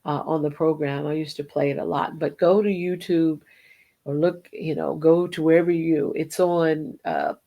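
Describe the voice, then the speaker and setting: The low voice belongs to a middle-aged woman who hosts a devotional program and sings Christian music. Her tone is steady and the highs are cut off, as she teaches slowly and earnestly, slipping into hymn fragments.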